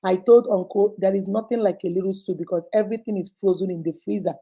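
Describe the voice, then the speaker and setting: A woman's voice: mid-range voice, fairly even intonation, quick pace, dark tone. A woman reading a listener's letter aloud on her relationship advice show, telling it dramatically and acting out the voices in it.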